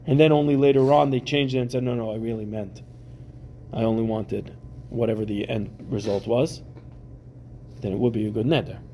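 A man teaching a Talmud class, his voice gravelly and mellow with a dark, relaxed tone. He reads the Aramaic text and then explains it in casual English with everyday examples for his students in a classroom. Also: mid-range voice, brisk, slight background noise.

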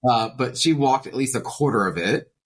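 A woman's voice: extremely low pitch, expressive, normal speed, husky. A woman co-hosting a podcast in casual chat, talking in a chatty way with wry asides. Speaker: podcast co-host.

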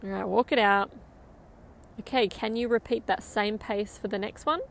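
A woman's voice: medium pitch, steady tone, normal speed, gravelly, slight background noise. A woman coaching a guided interval run outdoors, upbeat and encouraging as she counts down. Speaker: running coach.

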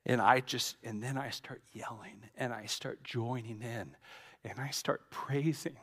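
A middle-aged man, a pastor preaching a sermon with dramatic storytelling, swinging from loud to hushed. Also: medium pitch, fairly even intonation, unhurried.

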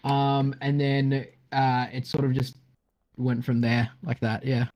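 A man talks in a mid-pitched everyday voice on a podcast, rambling through a story in an offhand way. He drops a casual swear here and there. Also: level tone, takes it slowly, a little mellow. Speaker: roleplay player, podcast guest.

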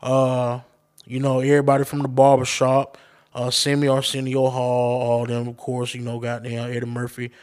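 A man's voice: medium pitch, completely flat delivery, moderate pace, darkish tone. A man hosting his own podcast, ranting casually and profanely straight to his listeners. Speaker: podcast host. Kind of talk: casual solo podcast rant.

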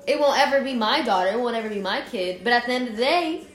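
A young woman from Jordan in casual podcast chat, an animated storyteller who swears freely. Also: fairly high pitch, fast talker, echoey room, soft background music.

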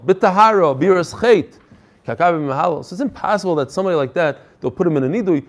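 A man teaching a Talmud class, reading Hebrew and Aramaic passages and explaining them in English with animated emphasis. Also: high-pitched.

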